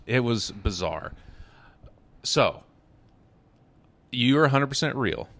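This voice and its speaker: Chatty man co-hosting, quick interjections. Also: mid-range voice, animated, a bit bright. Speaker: podcast co-host. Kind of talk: casual chat.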